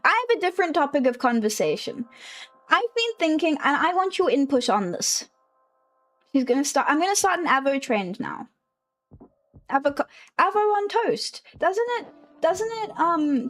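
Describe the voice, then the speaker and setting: A woman's voice: high-pitched, normal speed, faint music behind. A young woman from South Africa with a South African accent, streaming and chatting playfully with her live chat. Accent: South African English. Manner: playful, animated, reacting to chat messages.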